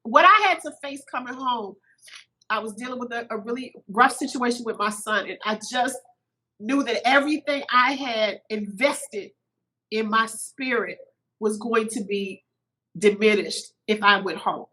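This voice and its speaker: A middle-aged woman, a podcast guest, telling a personal story in an animated way, a little teary-eyed. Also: a little high, a little slow, poor audio. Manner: animated, acts out quoted voices.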